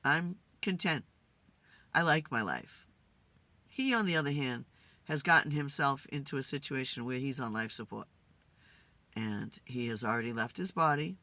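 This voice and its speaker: A woman host talking to spirits in a casual, musing way, tired and low on energy. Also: animated, normal speed, pauses often, sharp tone, no echo. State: tired, yawning. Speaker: spirit communicator and channel host. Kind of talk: casual spirit session monologue. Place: in a car.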